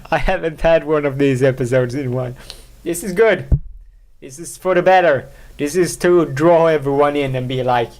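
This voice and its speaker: A man hosting a solo podcast, talking in a rambling, halting way, full of fillers, restarts and self-mocking asides. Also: mid-range voice, darkish tone. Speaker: podcast host.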